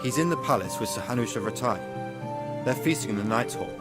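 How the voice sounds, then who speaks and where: A man plays a blunt medieval town guard in a video game, matter-of-fact and easy to read. His pitch swings widely for emphasis while staying mid-range for a man. The lines come out plain and direct. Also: lively intonation, fast talker, music in the background, close to an everyday voice. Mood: surprised. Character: watchful adult male town guard, blunt.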